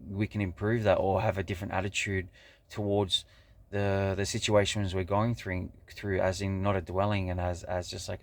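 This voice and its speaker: A man's voice: low voice, no room sound. A man talking to camera in a loose, rambling monologue, swearing freely and restarting his sentences with lots of fillers. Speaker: vlogger. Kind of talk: casual monologue.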